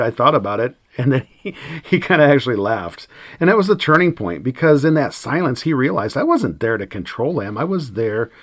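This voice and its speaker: A man hosting an educator's podcast, talking in a calm, steady, conversational way with frequent ums. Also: on the low side, dry recording, clean studio sound. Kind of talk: reflective podcast monologue.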